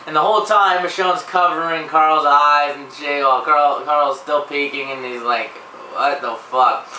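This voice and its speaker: A young man hosting a gaming channel, giving a casual, rambling TV episode recap full of swearing and filler words. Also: on the high side. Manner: profane, filler-heavy, excitable. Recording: echoey room, distant mic, faint hiss.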